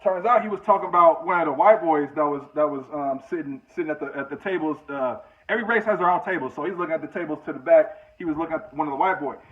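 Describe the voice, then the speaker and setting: A man's voice: a little high, quick pace, hardly any pauses. A man casually telling a personal story, conversational and full of restarts. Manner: conversational, many fillers and restarts. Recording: tinny phone-like audio.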